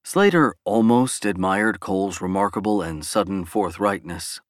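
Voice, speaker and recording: A man's voice: on the low side, moderate pace, no echo. Man reading a novel aloud, dry close sound. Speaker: narrator. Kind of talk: audiobook narration.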